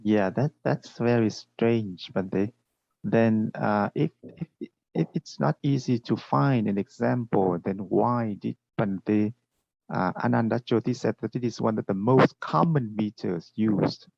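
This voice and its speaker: A man's voice: on the low side, slow, vocal fry, a little mellow, no room sound. A male student asking a hesitant, polite question in an online class. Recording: dull, distant lo-fi audio.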